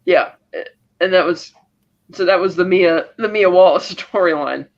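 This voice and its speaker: A man co-hosting a podcast, casually retelling a film's scenes and acting out the characters' lines. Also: a little slow. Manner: animated retelling, acting out lines with raised pitch. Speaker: podcast co-host. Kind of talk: casual film recap chat. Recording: dull lo-fi audio.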